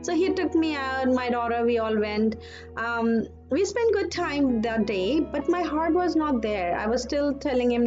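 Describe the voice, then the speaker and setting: A woman's voice: sits high, expressive, lo-fi sound, over music. A woman guest earnestly telling a personal story about her husband and a frightening dream, her words speeding up when she quotes herself. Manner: earnest, emotional, fast bursts when quoting. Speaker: podcast guest.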